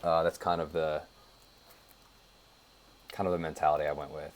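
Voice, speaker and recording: A very deep voice with little pitch movement belongs to a young web developer narrating his code at a moderate pace. It's a casual screencast tutorial where he muses aloud, full of fillers and offhand remarks.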